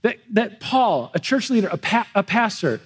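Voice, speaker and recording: A man's voice: sits high, very animated, moderate pace, slightly rough. A man preaching a sermon to his church in a conversational way, often restarting and repeating words as he goes. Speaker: pastor. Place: church, livestreamed worship.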